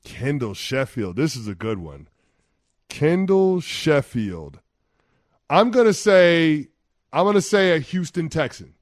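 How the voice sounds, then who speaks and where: A man co-hosting sports talk radio, animated and playfully indignant during a quiz game, close to a studio mic. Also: a little high, slow, dry recording. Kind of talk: casual sports radio banter.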